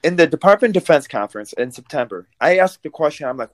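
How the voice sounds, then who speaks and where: A man who immigrated to the US, co-hosting a political talk show and ranting in a fired-up, emphatic way with quick restarts. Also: a little high, animated, no room sound. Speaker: co-host.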